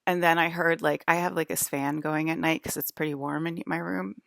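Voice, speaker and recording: Woman, vlogger, casual rambling monologue, lots of filler and restarts, lowish voice. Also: steady tone, fairly quick, vocal fry, fairly bright tone, no room sound, studio quality. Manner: rambling, heavy use of "like", frequent restarts.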